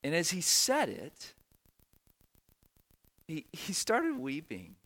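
A man's voice: a little high, wildly swooping pitch, slow pace, fairly bright tone. A middle-aged man, a pastor telling a story in a sermon in an earnest, emotional way, repeating phrases for emphasis.

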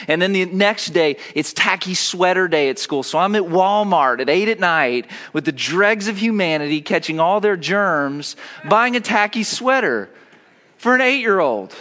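A male pastor, likely in his thirties, reading scripture and then telling funny self-mocking stories in a sermon. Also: fairly high pitch. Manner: animated storytelling, self-mocking humor.

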